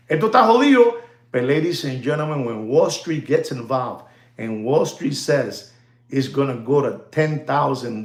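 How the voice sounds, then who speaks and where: A man casually talking watches and the gold market to his viewers, rambling and repetitive, dropping "you know" and bits of Spanish slang. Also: mid-range voice. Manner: chatty, repeats phrases, many "you know"s, slips into Spanish slang; hypes and jokes with the audience, calls them "ladies and gentlemen". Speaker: watch dealer and market commentator. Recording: roomy echo.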